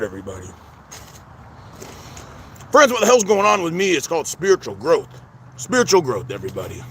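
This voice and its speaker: A man's voice: a little high, bright, forceful tone, a little hiss or hum. A middle-aged man, vlogging outdoors in a rambling, stammering way and calling his viewers "friends" again and again. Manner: repeats 'friends' constantly, stammering restarts. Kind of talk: rambling personal vlog. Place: outdoors at a cemetery.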